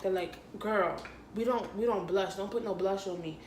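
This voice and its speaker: A woman's voice: medium pitch, moderate pace, background noise. A young adult woman and makeup artist talking through a casual makeup tutorial, sassy and playful, calling her viewers honey and sis and laughing often. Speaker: makeup artist and beauty vlogger. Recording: echoey room.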